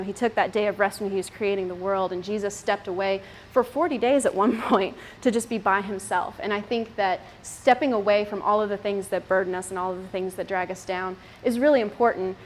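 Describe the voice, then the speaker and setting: Her tone steady and her pace brisk, a thirtysomething woman gives a casual talk to mothers at a moms' group. She laughs a lot and fills her speech with fillers. The pitch is medium, with slight background noise.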